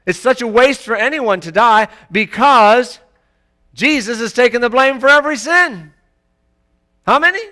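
Emphatic high-voiced male preacher. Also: normal speed. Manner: emphatic, rising to loud exclamations. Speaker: pastor. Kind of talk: sermon. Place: church.

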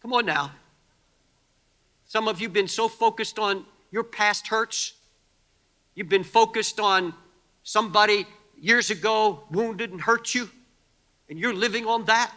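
High, bright-voiced man preaching in a hall. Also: unhurried, long pauses. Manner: impassioned preaching, swings from hushed to shouting. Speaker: pastor. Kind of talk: sermon.

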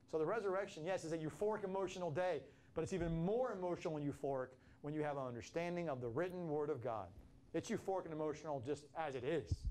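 A man's voice: medium pitch, a little mellow, a little hiss or hum. A man preaching a sermon in an impassioned way, often restarting his phrases and acting out quotes. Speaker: pastor.

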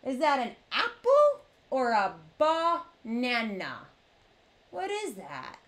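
Young woman, kids' show host: high, very slow, sing-song delivery for toddlers, gasps and animal sounds. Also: huge pitch swings. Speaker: children's educator host.

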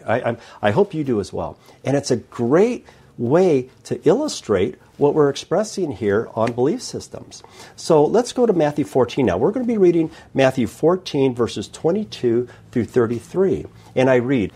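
A male preacher delivering a sermon with rhetorical questions and emphatic, expressive delivery. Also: mid-range voice, slightly rough.

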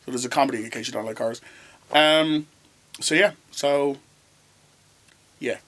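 A man hosts a casual film review chat, rattling through plot summaries with dry banter. He talks in his ordinary mid-range voice, relaxed and conversational. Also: medium pitch, normal speed. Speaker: film review show host. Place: indoors at a cinema venue.

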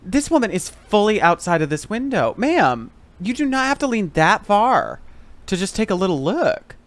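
A man's voice: high-pitched, very animated, normal speed, dry recording. A young man chatting sarcastically while playing a game on a live stream, exclaiming often.

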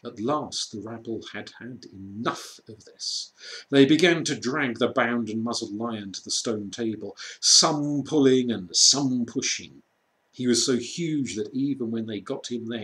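A man reading a children's storybook aloud, slow and measured with dramatic pauses. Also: mid-range voice, a bit bright. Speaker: reader.

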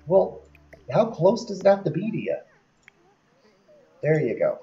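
Low, lively-voiced woman narrating gameplay. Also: unhurried, pauses often, dull audio. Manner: chatty, talks to characters on screen, laughs often. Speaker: gameplay commentator. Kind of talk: casual gameplay commentary.

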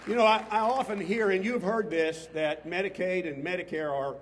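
Male politician, passionate rally speech, slightly high voice, long reverb off the PA, faint noise. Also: normal speed. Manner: impassioned, rising to emphatic bursts. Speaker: state legislator addressing a rally. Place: outdoors on capitol steps before a crowd.

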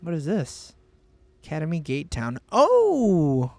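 A man with a fairly high voice, recorded dry, talks at normal speed while streaming a game with a friend. He's animated and joking, breaking into silly sing-song noises during the casual gaming chat.

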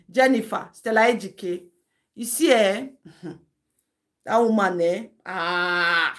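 A woman's voice: mid-range voice, fairly bright tone. A Nigerian woman hosting a live-stream gossip commentary, lecturing and scolding in a chatty way, laughing between her points.

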